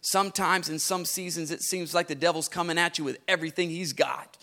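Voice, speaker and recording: Guy preaching online, high bright voice, goes quiet then shouts, kinda sings his lines. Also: steady tone, a little fast. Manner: swings from hushed to shouting, repeats lines, sing-song preaching cadence. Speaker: pastor. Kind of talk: sermon.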